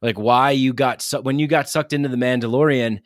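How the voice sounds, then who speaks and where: A man's voice: medium pitch, steady tone, fairly quick, dry recording, studio quality. Rambling male comedian guest. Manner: rambling, many fillers and restarts. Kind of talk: casual chat.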